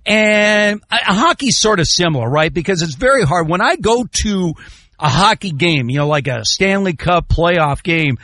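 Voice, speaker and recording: A male radio host chatting casually about sports, animated and joking, his voice jumping up loudly at times. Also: sits high, normal speed, no echo, clean studio sound. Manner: animated, jokey, swings to loud exclamations.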